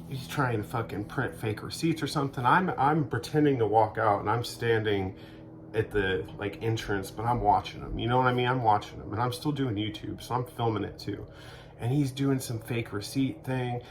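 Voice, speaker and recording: Sarcastic, cursing man with a low voice. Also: creaky, background noise. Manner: sarcastic, profane, acts out both sides of made-up dialogues. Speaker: vlogger. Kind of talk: rambling deadpan comedic monologue.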